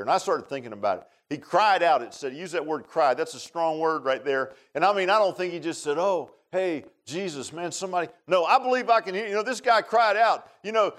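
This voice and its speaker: A man preaches a sermon, his voice sitting a touch higher than most men's. He talks in a folksy, conversational way and climbs into loud, impassioned shouting. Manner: excitable preaching that builds to shouting, folksy asides. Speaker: pastor.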